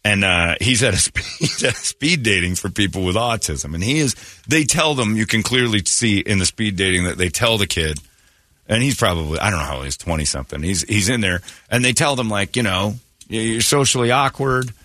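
A man's voice: fairly low pitch, lively intonation, fairly quick, sharp tone, no echo. A man hosting a morning radio show, chatting casually and acting out quotes in raised voices as he tells a story.

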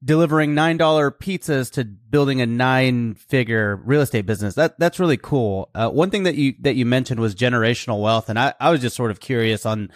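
A man hosting a conversational interview podcast, asking questions in a relaxed way with small restarts. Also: mid-range voice, fairly quick, hardly any pauses, no room sound, clean studio sound. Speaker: podcast host.

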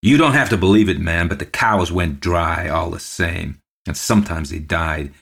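A man's voice: low-pitched, normal speed, creaky, fairly bright tone, husky, full character voice. A man voicing a coarse, half-drunk male loafer who growls and jeers. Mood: jeering. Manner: growling, jeering, chanting.

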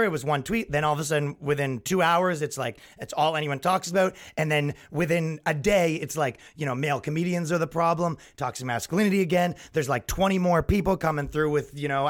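A young man hosting his own podcast, ranting in an exasperated comedic way and mocking people in put-on voices. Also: fairly high pitch. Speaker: podcast host. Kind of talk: solo comedic rant.

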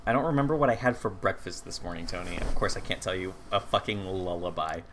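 A man's voice: deep voice, fast talker, a bit bright, slight background noise. A man co-hosting a podcast, chatting casually about a movie, swearing freely and laughing often. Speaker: podcast co-host. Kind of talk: casual movie recap chat.

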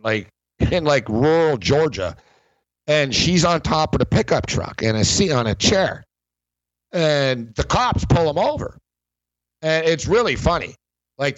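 A man's voice: medium pitch, dry recording. Male podcast host, loose rambling chat full of fillers, muffled lo-fi mic. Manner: rambling, filler-heavy, laughs often. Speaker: sports betting podcast host. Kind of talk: casual chat.

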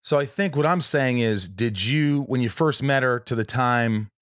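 A man in casual conversation, telling a personal story in a rambling way with many restarts and lively retold quotes. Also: mid-range voice, normal speed, clear, resonant tone, dry recording, studio quality.

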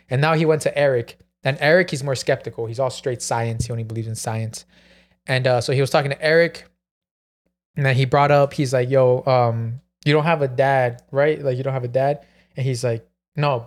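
A man's voice: mid-range voice, steady tone, fairly quick. A man telling a long story in casual podcast chat, full of "like" and "bro". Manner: rambling, peppered with "like" and "bro". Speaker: podcast co-host.

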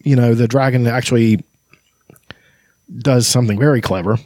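A man's voice: mid-range voice, steady tone, moderate pace, a little mellow, no echo. Guy reading a fantasy book n rambling about it, lots of ums, dry close sound. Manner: hesitant, many fillers and restarts. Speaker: book reader and commentator. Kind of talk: casual reading with commentary.

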